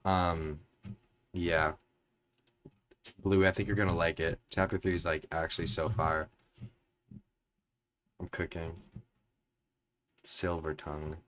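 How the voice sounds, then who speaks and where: A man's voice: low voice, slow pace, long pauses, a little hiss or hum. A young man streaming, chatting casually with lots of fillers and then reading his own novel aloud. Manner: relaxed, slangy, lots of fillers. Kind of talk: casual chat and story reading. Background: faint background music.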